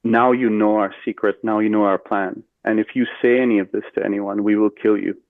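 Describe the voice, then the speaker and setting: A man speaking as a menacing male reptilian alien leader, slow, low and threatening. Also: level tone, dry recording, lightly acted. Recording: tinny phone-like line, dry.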